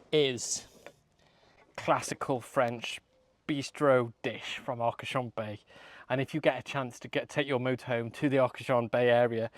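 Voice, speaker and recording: Casual camper cook, male, middle-aged, mid-range voice, unhurried step-by-step recipe delivery, dry sound. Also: medium pitch, dry recording. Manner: relaxed, savoring, talks the viewer through each step. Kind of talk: cooking demonstration to camera.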